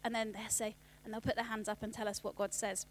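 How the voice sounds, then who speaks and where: A woman, giving a workshop talk on children's ministry in a chatty way, with quick asides and restarts. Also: mid-range voice, level tone, slight background noise.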